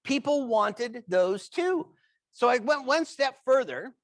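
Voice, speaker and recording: A man with a fairly high voice tells comic stories in a keynote talk, animated and playful in his delivery. The sound is dry and close, with no room echo. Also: slow pace. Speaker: humorist keynote speaker.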